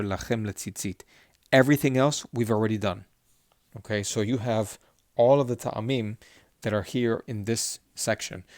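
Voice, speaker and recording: Patient man teaching chant, smooth voice. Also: lowish voice, darkish tone, dry recording, clean studio sound. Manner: patient, encouraging, chants words slowly then explains quickly. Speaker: Hebrew cantillation teacher. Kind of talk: online lesson, chanting and explaining.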